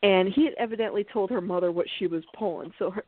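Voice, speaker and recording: A woman host tells a funny story in a relaxed, chatty way and keeps breaking into laughter. Her voice sits at an ordinary pitch and comes through a thin, phone-like line. The sound is dry, with no room echo. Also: fast talker. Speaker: podcast host. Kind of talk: casual storytelling.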